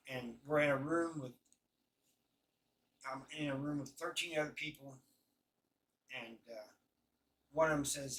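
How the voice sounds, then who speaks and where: A man's voice: fairly high pitch, fairly bright tone. Rambling man, slightly distant mic. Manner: rambling, halting, many fillers and restarts. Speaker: host telling prison stories. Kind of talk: casual storytelling.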